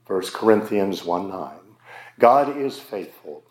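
A man preaching a sermon as a pastor, slow and emphatic with dramatic pauses. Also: fairly low pitch, animated, darkish tone, reverberant.

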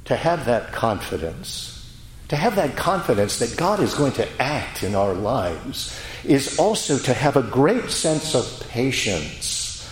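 A man preaching a sermon, slow and emphatic, with dramatic pauses. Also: mid-range voice, roomy sound, a little hiss or hum, poor audio. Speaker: pastor.

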